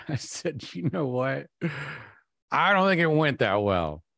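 A man in his fifties delivers a conference keynote as a comic story, mocking himself with lively, animated swings. He stumbles through plenty of ums and restarts, at an ordinary middle pitch. The sound is dry and close, with no room behind him. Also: slow pace, vocal fry, no room sound. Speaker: keynote speaker.

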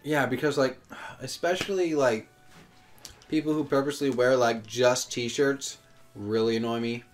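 A man's voice: mid-range voice, fairly even intonation, measured pace, faint music behind. A young American man co-hosting a casual gaming chat, rambling and opinionated with lots of fillers. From United States. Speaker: co-host playing a video game.

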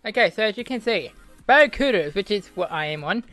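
Very high-pitched excitable Australian man. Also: a little fast, soft background music. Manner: excitable mock sports commentator, cheering and shouting. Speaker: gaming channel host. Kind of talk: self-commentary while playing a video game.

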